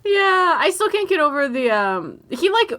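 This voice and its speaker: A young woman co-hosting a podcast, her bright voice slightly high and swinging widely in pitch. She chats loosely, laughing often and filling pauses with ums and likes. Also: very animated. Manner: laughing, chatty, lots of fillers. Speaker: podcast co-host. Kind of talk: casual chat.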